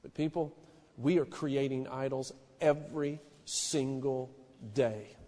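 A man preaching a sermon in a small church, impassioned, swinging from hushed to loud. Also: mid-range voice, steady tone, slow, in a large hall. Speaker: pastor.

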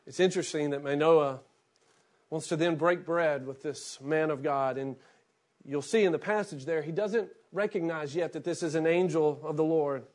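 A middle-aged man, a pastor, reading scripture aloud and then preaching in a relaxed, storytelling way. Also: a little high, normal speed.

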